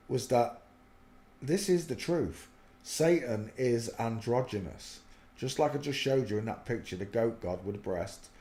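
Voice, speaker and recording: A man's voice: on the low side, warm tone. A man giving earnest, preachy spoken commentary on faith, rambling with many fillers, in an echoey room. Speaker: religious video host.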